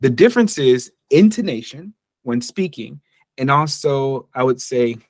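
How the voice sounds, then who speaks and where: An American man teaching English online, easygoing and playful, now and then slipping into short acted-out exchanges to show how words are used. His voice sits in a middle pitch, and the recording is close and dry with no room sound. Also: animated, unhurried, no room sound. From United States. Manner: casual and jokey, acts out short example dialogues.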